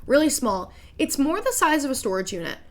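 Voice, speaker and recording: A woman's voice: sits high, very animated, brisk. A woman running a tabletop game as game master, describing scenes casually with many fillers. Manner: casual, filler-heavy narration.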